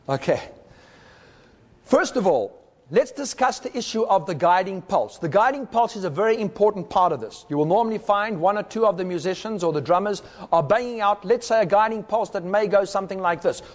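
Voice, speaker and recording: A man's voice: high-pitched, expressive, a little fast, long reverb tail. A man giving a recorded teaching talk, explaining step by step and sounding out rhythms with his voice. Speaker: speaker.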